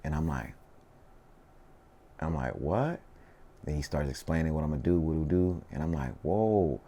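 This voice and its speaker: A man's voice: very deep voice, steady tone, quick pace, warm tone, a little hiss or hum. A man, a rapper telling stories in a casual interview, slangy and laid-back, often saying "you know what I mean".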